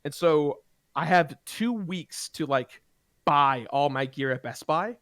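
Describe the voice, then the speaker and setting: A man casually telling a heated personal story to friends, animated and profane, with rambling restarts. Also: a little high, takes it slowly, no echo, clean studio sound. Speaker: gaming show regular.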